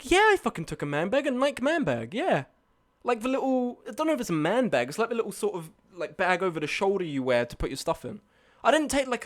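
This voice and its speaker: A man's voice: high voice, very animated, quick pace. A young man telling a night-out story on a live stream, swearing and arguing back at his chat. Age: young adult.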